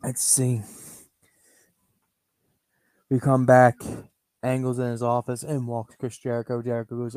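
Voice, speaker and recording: A man's voice: medium pitch, completely flat delivery, measured pace, pauses often, no room sound. A man hosting a podcast, narrating a toy wrestling show play by play and calling out names like a ring announcer. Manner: announcer-style, calls wrestlers' names loudly. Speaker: podcast host.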